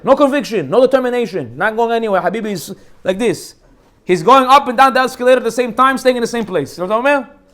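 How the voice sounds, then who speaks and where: A man teaching an informal Torah class as a rabbi, animated and joking as he acts out the people in his stories. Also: very high voice, quick pace.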